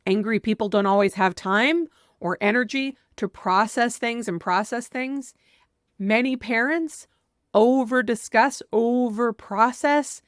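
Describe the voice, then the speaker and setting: A woman parenting coach offers earnest, direct advice in a monologue, now and then acting out a parent's lines with emphasis. Her voice sits a little high and she takes her time. The recording is studio quality with no echo.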